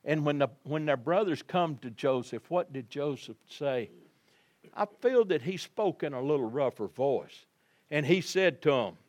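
A male pastor preaching a sermon, telling the story vividly and addressing his congregation, moving between quiet passages and loud emphasis. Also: on the high side, lively intonation, moderate pace. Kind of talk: Easter sermon.

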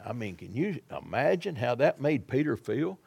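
A man's voice: medium pitch, big pitch swings, moderate pace, gravelly, darkish tone, breathy edge. A man preaching a sermon in a folksy, dramatic way, acting out the people in the story.

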